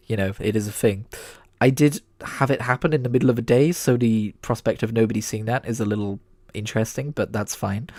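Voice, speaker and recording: A man's voice: on the low side, darkish tone, no room sound. A man reading his teenage fan fiction aloud as host, with wry, self-mocking asides. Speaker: channel host.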